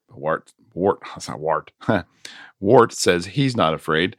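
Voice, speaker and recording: A man's voice: deep voice, takes it slowly, no room sound, clean studio sound. A man casually retelling a film's plot on a podcast, with many fillers and small laughs. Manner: relaxed recapping with fillers and laughs. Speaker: podcast host. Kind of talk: casual film recap.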